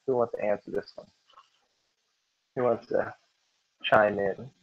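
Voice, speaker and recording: A man's voice: lowish voice, steady tone, unhurried. A man tutoring a class for a test, chatting and joking with his students in a classroom. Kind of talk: classroom teaching. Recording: dull lo-fi classroom recording.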